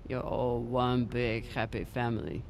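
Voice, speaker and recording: A man's voice: mid-range voice, level tone, unhurried, vocal fry. An actor voicing a dry, sardonic male crew member in a video game.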